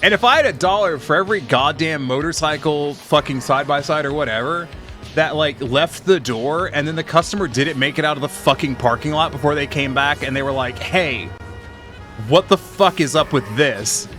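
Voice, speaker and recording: A man's voice: on the high side, brisk, bright, forceful tone, faint music behind. A man streaming a game, telling rambling, profane work stories in casual chat. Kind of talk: casual chat while gaming.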